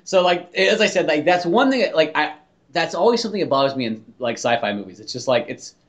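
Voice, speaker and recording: A man's voice: fairly high pitch, expressive, a little fast. A man co-hosting a podcast in casual chat. He rambles, swears freely and leans on "like" fillers. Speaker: podcast co-host.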